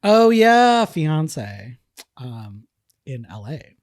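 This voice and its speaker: A woman's voice: low voice, sing-song, drawn-out words, darkish tone, no room sound, clean studio sound. A young woman co-hosting a podcast, chatting casually about a film and joking about its plot. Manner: laughs often, jokey asides. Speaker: podcast co-host. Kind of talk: casual film review chat.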